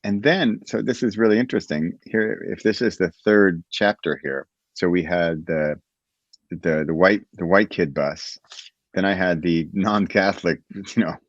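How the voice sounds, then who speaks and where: A low-voiced American man reminisces as a podcast guest, circling back on his words as he thinks aloud. The audio is dull and lo-fi, with a dry, close sound. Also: unhurried, dry recording. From United States. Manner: reflective, rambling with restarts. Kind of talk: casual interview storytelling.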